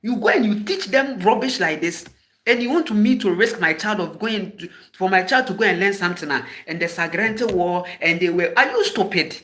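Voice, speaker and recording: This is a heated spoken address from a Ghanaian spiritual teacher who chides emphatically and keeps firing sharp rhetorical questions. He talks at a normal speed in a high, expressive voice.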